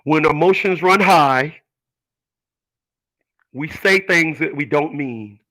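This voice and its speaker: A man imitating a motherly older woman with a scrunched, scratchy voice, giving gentle advice. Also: on the high side, slow pace. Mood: earnest advice.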